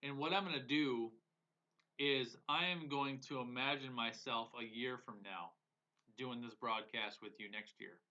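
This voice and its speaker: Over dull lo-fi audio, a business coach coaches viewers live in a bright, forceful, mid-range voice, speaking a little slowly. His motivational delivery is earnest and emotional, and he often repeats phrases to drive points home.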